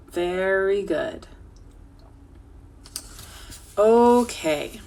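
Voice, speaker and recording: Working from home over a video call, a woman teacher with a deep voice and vocal fry gives children a slow, clear spelling lesson. Patient and encouraging, she speaks slowly, sounding out words and spelling them letter by letter.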